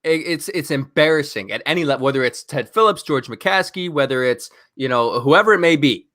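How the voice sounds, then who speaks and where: A man co-hosting a podcast, ranting in an animated, exasperated way during casual chat. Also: a little high, brisk, no room sound, clean studio sound. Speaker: podcast co-host.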